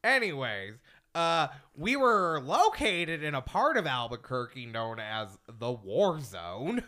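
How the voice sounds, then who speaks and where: A man hosting a casual podcast chat, an animated storyteller who swears freely. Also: a little high, slow pace. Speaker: podcast host.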